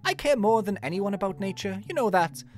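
A fussy, motherly old spirit bear, as a woman puts her on, with a put-on Irish lilt, reading game lines in a high, fluttery, sing-song voice much higher than her usual one. She swoops up and down and keeps calling the player dear, with light background music. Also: expressive, a little fast, natural voice. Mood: fussy, doting. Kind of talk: reading game dialogue aloud in a voice.

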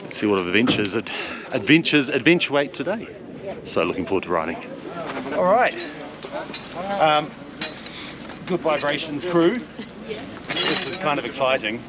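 A man's voice: medium pitch, lively intonation, unhurried, long pauses. Awed man vlogging outdoors among crowds. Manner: reflective, softly awed, musing. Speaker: tour leader and vlog host. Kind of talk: casual travel vlog narration. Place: outdoors in a high mountain town. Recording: outdoor street crowd behind.

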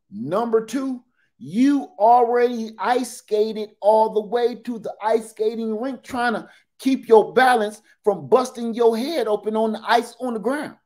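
A man in his forties, a livestream host telling animated, joking stories in casual talk. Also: high-pitched.

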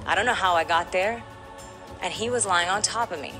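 A woman guest in a candid podcast interview, telling a painful personal story with animated emotion. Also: on the low side, brisk, music in the background.

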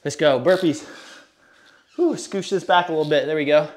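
A man's voice: fairly high pitch, normal speed. A young man livestreaming a home workout, talking to chat in hyped, casual bro slang while out of breath. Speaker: fitness streamer. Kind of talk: live workout stream chat.

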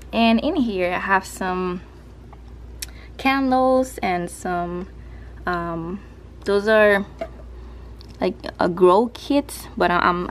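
A woman with a somewhat low speaking voice gives a relaxed, rambling tour of her home craft studio. She talks loosely and restarts her sentences. A faint ambient hum sits under her voice. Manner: chatty, loose, with fillers and restarts. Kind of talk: casual home tour narration.

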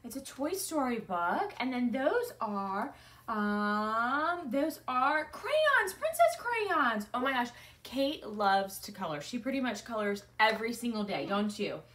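A woman's voice: on the high side, very animated, slow pace, a bit bright. A woman in her thirties, a mother hosting a casual unboxing with her kids, gushing and easily moved. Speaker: mother and channel host.

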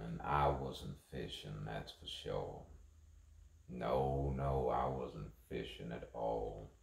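A man's voice: rumbling low, vocal fry, echoey room. A man delivering a rambling, repetitive spoken monologue, musing to himself.

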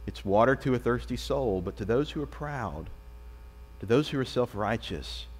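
A male pastor delivers a sermon in a mid-pitched voice. His delivery is animated and rises and falls widely as he acts out quoted voices. A long church reverb trails behind his words. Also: moderate pace, a little hiss or hum. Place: church sanctuary.

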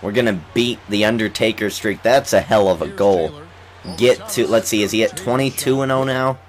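A young man giving casual, excitable let's-play commentary on a basketball game, coughing now and then while getting over an illness and trash-talking the players on screen. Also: on the low side, normal speed. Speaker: gaming YouTuber.

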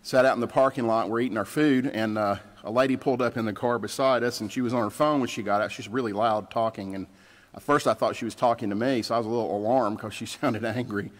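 Male pastor, mid-pitched voice, plainspoken sermon in a church with long echo. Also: fairly even intonation, quick pace. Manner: conversational storytelling, plainspoken. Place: church sanctuary. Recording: church livestream with long reverb.

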